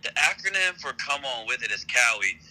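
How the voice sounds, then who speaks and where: Bright-voiced laid-back man. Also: mid-range voice, animated, brisk, poor audio. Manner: laid-back, rambling, laughs while telling stories. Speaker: podcast guest, brand founder. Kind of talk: casual interview storytelling.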